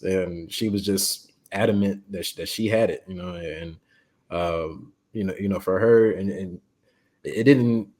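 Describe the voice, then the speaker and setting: A man's voice: low voice, unhurried, a little mellow. A man, a guest writer, telling a story in casual podcast chat, loose and full of fillers.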